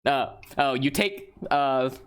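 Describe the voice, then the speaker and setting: A man narrating as game master of a tabletop role-playing game, relaxed, chuckling and breaking off his sentences. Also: mid-range voice, slow pace, slight background noise.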